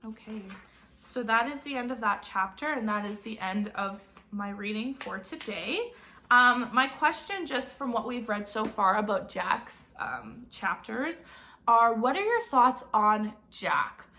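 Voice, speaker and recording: A woman's voice: on the high side, sing-song, unhurried, bright, forceful tone, slight background noise. A woman teacher reading a novel aloud and asking her students friendly questions.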